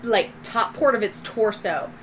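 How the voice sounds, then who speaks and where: A woman's voice: medium pitch, animated, measured pace, fairly bright tone, slight background noise. A woman narrating as game master of a tabletop game, describing scenes in a loose, descriptive way with fillers.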